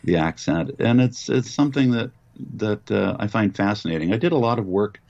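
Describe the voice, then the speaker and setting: A very deep, low-voiced older man from Western Pennsylvania, thinking back over his voice work in an unhurried way, stopping often on small fillers. The sound is dry and a little dull, like a lo-fi remote line. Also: animated, creaky, a little mellow, dry recording. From Western Pennsylvania, United States. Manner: thoughtful, reminiscing, hesitant fillers. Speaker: voice actor, interview guest. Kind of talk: relaxed interview answers.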